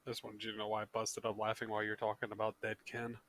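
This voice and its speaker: A man's voice: fairly low pitch, completely flat delivery, rapid-fire, fairly bright tone, a little hiss or hum. A man playing in a tabletop game over a voice call, chatting casually with a giggly, apologetic manner. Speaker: player. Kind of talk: casual chat at the gaming table.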